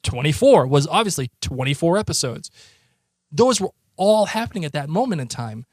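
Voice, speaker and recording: A man with a Boston accent, co-hosting a podcast in a rambling, excitable casual chat. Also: a little high, moderate pace, dry recording, clean studio sound. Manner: rambling, excitable, many restarts. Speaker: podcast co-host.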